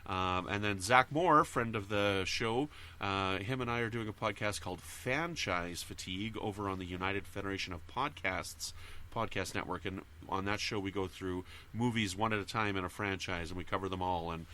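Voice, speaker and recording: A man guesting on a podcast, chatting casually and listing his shows in a rambling, halting way. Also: low voice, sharp tone, slight background noise. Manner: rambling, halting with fillers and restarts.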